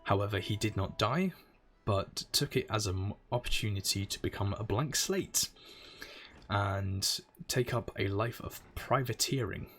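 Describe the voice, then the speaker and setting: Male streamer, low voice, chatty rambling game commentary. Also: a little slow, a bit bright, faint music behind. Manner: chatty, rambling, explains as he plays. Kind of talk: casual gameplay commentary.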